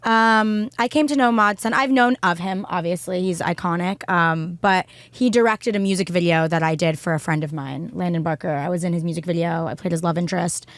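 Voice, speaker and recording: A young woman talks quickly and brightly as a podcast guest, full of energy, acting out what people said. Her voice sounds close and dry, with no room around it. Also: lowish voice, no room sound. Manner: bubbly, fast storytelling with acted-out quotes. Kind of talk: casual podcast chat.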